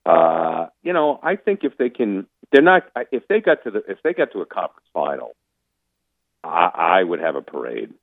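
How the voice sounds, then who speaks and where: A man's voice: deep voice, wildly swooping pitch, normal speed, no echo. A man calling in as a sports commentator, talking in a casual interview with emphatic, opinionated rants. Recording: tinny phone line.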